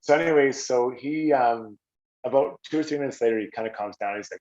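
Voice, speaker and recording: A middle-aged Canadian man, a former hockey player, telling stories casually on a podcast and acting out quotes with a raised voice. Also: a little fast. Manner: animated, acts out quotes with raised pitch. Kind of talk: casual storytelling. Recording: slightly dull lo-fi audio.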